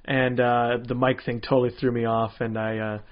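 A man's voice: mid-range voice, little pitch movement, normal speed, highs cut off. A man, a stand-up comedian, chatting casually and rambling with many fillers. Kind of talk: casual chat.

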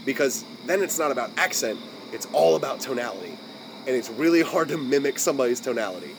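An American man hosting a podcast, chatting casually in a General American accent at a mid pitch. He rambles through thoughts with lots of "like" and restarts, and he gets animated and squeaky when something amuses him. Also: fast, creaky, background noise. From United States. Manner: rambling, many restarts and "like" fillers. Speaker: podcast host. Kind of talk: casual chat.

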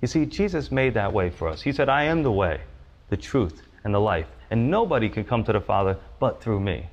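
A man preaching a sermon in a loose, conversational way, full of fillers and restarts, dropping low and slow to stress a point. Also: sing-song, lo-fi sound. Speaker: pastor.

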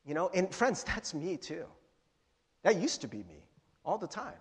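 A man's voice: sits high, unhurried, long pauses, slightly rough. A young adult man preaching a sermon as pastor, casual and joking, acting out little voices. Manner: animated, joking, acts out voices. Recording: long hall reverb.

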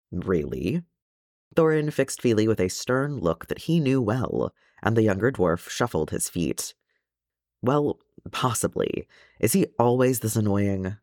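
A man narrating a fan fiction audiobook in an expressive storytelling manner. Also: lowish voice, dry recording, clean studio sound. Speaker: audiobook reader.

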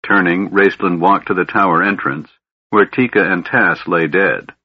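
A man narrating an audiobook in a measured, somber way. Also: sits low, husky, dry recording. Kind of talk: scripted narration. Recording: dull lo-fi audiobook recording.

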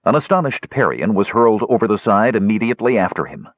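A man narrates an audiobook in a husky, lowish voice with lively, varied pitch. The recording is dry and dull. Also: fast, no echo. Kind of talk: scripted narration.

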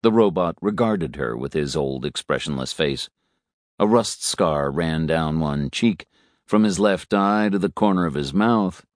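A man narrates a story in a deep, slow voice. His delivery is expressive, with wide pitch movement. The sound is dry and close, with no room echo. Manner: slow, deliberate reading. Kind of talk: scripted narration.

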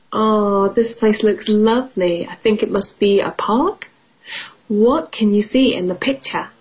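A woman's voice: medium pitch, slightly rough. A woman teaching English on the radio, reading a children's storybook playfully, with sound effects and questions for the children.

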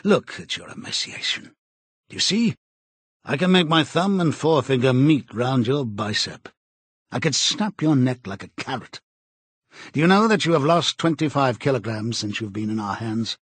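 Man reading as a menacing male interrogator, cold and contemptuous, slow and measured, husky, dry audiobook sound. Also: mid-range voice, lively intonation, dry recording.

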